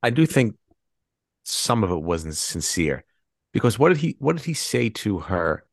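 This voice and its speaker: A laid-back man talks through a casual podcast, cursing casually. His voice is very deep and gravelly, with a dry, close sound. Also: very animated, a little slow, no echo. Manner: laid-back, profane, laughing easily. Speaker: podcast co-host. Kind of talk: casual recap chat.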